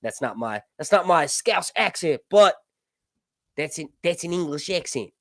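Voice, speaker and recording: Lively, profane man chatting on a stream. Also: on the high side, a little slow, no room sound, clean studio sound. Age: 30s. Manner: rambling, profane and joking, loses his train of thought. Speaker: host. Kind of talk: casual live-stream chat.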